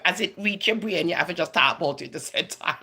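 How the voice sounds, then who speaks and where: A woman's voice: on the low side, fairly quick, bright, forceful tone, husky. A middle-aged woman with a Jamaican accent in a casual monologue rant, emphatic and preachy, drifting between Patois and English. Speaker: vlogger.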